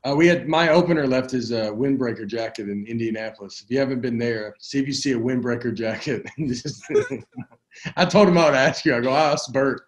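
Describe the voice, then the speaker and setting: A man's voice: mid-range voice, a little fast. A man guesting on a podcast, chatting in an easygoing, rambling way full of restarts. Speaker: comedian guest. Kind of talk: casual chat.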